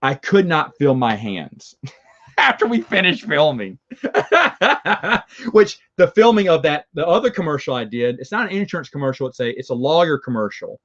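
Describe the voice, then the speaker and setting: A man with a Southern accent hosts a review show, chatting casually live with viewers, rambling and chuckling along the way. His voice is on the high side, very animated and fairly bright, at a normal speed, though the recording is muffled.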